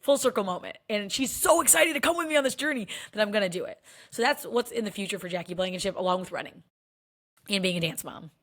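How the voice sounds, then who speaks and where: A woman's voice: mid-range voice, lively intonation, fast talker, a bit bright. A woman in her thirties talking candidly to camera in a casual personal vlog, chatty and full of "like" fillers. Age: 30s. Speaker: vlogger.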